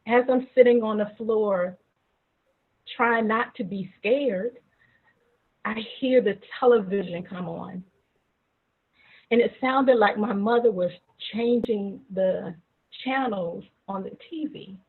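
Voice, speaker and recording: Slow, husky woman storyteller. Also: mid-range voice. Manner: slow, dramatic telling. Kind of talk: personal storytelling. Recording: tinny phone-like audio.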